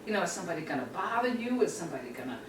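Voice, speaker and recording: A middle-aged woman, a mother, telling a family story in casual chat, animated and acting out what people said. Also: on the low side, rapid-fire, background noise. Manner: animated storyteller, laughs and acts out quotes. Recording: roomy, slightly distant mic with faint ambience.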